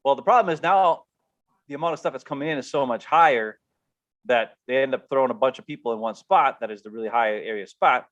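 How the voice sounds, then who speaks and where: A man's voice: mid-range voice, quick pace. Man ranting in a dull lo-fi stream. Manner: animated storytelling, acts out quoted coworkers. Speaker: podcast co-host. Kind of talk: casual rant.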